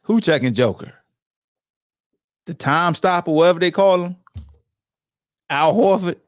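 A man's voice: high-pitched, unhurried, no echo, studio quality. A man hosting a podcast, talking sports loosely and playfully, teasing rival fans. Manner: animated trash talk, playful and loose. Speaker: podcast host. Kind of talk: casual sports talk.

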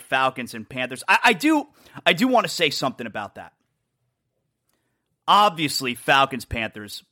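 A man's voice: fairly high pitch, pushed and bright. A man hosting a sports talk show, talking emphatically and repeating himself for effect. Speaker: sports radio host. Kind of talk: solo sports talk monologue.

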